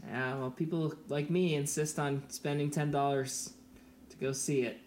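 A man's voice: on the high side, steady tone, moderate pace, darkish tone, slight background noise. A man co-hosting a podcast in casual chat, easygoing and wry, chuckling often. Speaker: podcast co-host.

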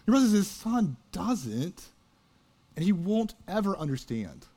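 A man's voice: high-pitched, unhurried. A man in his thirties, a pastor, telling a story in a sermon in an earnest, conversational way. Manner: earnest, conversational, builds to loud animated peaks.

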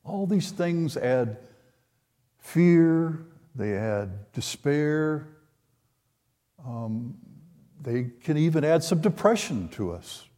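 An older man preaching a sermon, retelling a scripture story in an unhurried way and voicing the quoted lines. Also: fairly high pitch, animated, dark tone. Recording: long hall reverb.

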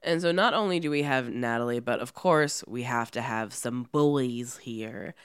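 A woman's voice: rumbling low, normal speed, smooth, no room sound, clean studio sound. A woman co-hosting a casual movie-review podcast, sarcastic and profane, laughing often. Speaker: podcast co-host.

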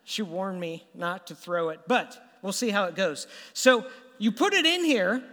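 A man preaching a sermon as animated, conversational storytelling with stammered restarts, in a church hall. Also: sits high, unhurried. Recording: long hall reverb.

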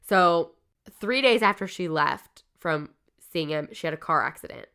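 A woman with a lower-pitched voice hosts a podcast, chatting casually. She retells stories loosely, swearing freely and leaning on "like". Her tone comes through smooth and clear. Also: animated, measured pace, bright, forceful tone. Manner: loose, profane, lots of "like". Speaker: podcast host. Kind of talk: casual chat, retelling a story.

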